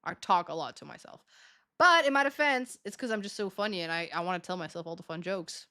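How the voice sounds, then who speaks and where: A woman's voice: on the low side, lively intonation, fast talker, sharp tone. A young woman streaming, chatting casually to her viewers, self-mocking and laughing often as she acts out conversations.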